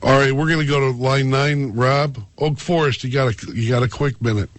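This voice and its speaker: A man's voice: medium pitch, fairly even intonation, fairly quick, no echo. A man hosting a radio talk show, bantering and joking with his co-host and callers. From Greek heritage. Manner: joking, teasing, wry.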